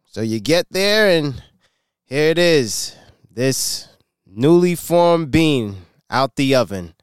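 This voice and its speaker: Slow, smooth-voiced male host. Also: fairly high pitch, animated, no room sound, studio quality. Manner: sets scenes in a storytelling way before asking. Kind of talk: interview hosting.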